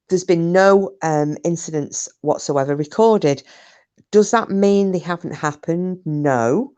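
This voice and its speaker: Slow, low-voiced woman telling a story. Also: dark tone. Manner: chatty and digressive. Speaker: online storyteller. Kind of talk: casual spoken storytelling.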